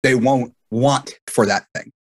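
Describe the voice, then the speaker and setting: A man talking in a measured, thoughtful way in casual podcast chat. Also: mid-range voice.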